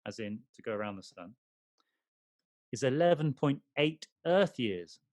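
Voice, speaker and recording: A man's voice: mid-range voice, expressive, unhurried, darkish tone, no room sound. A man co-hosting a podcast in casual chat, teasing and playful in banter. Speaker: podcast co-host.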